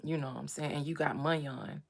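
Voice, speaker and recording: A woman hosting a casual chat about astrology and gossip, animated, swinging from low murmurs to loud bursts. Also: quick pace, gravelly. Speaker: host.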